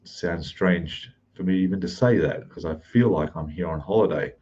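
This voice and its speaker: Australian man, live stream host, quiet and relaxed, low mellow voice, a bit muffled. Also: moderate pace, husky. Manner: relaxed, greeting chat members one by one; speaking softly, keeping voice down. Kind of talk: casual live stream chat. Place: rented room in Thailand.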